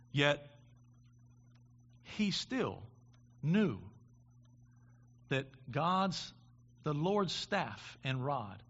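A man preaching a sermon, with halting restarts, building to impassioned preaching. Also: on the high side, husky, lo-fi sound. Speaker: pastor.

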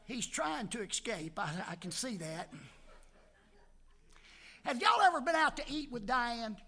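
A man's voice: extremely high pitch, sing-song, unhurried, long pauses, bright, forceful tone. An older man preaching a folksy sermon in a church, joking with the congregation and calling out amen between Scripture readings and prayer. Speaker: pastor. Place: church sanctuary.

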